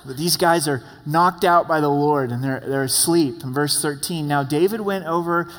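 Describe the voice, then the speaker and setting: A man's voice: fairly high pitch, fairly even intonation, moderate pace, fairly bright tone, slight background noise. A man preaching an expository sermon in a casual, conversational way, with asides and repeated words. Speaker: pastor. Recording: long hall reverb.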